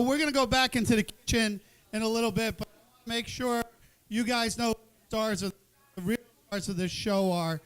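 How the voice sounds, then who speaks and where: A man's voice: high-pitched, a bit bright, clear, resonant tone. A man hosting a live cooking event, joking and bantering with the crowd and the teams in a casual, rambling way. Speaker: event host. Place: event hall with an audience.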